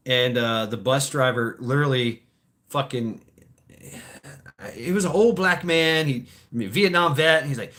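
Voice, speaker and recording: A man's voice: medium pitch, fairly bright tone. Guy rambling thru a story, cussing a lot, laughing along. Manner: rambling, profane, laughs often. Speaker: vlogger. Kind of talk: casual storytelling.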